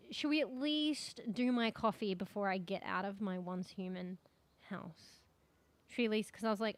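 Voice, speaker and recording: A young adult woman streaming a game, chatting casually in a rambling, sweary way with lots of fillers. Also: medium pitch. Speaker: VTuber streamer. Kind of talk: casual gaming stream chat.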